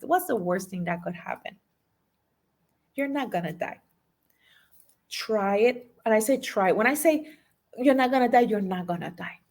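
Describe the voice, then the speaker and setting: A woman life and business coach giving a motivational talk, emphatic, repeating key phrases and asking her audience questions. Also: medium pitch.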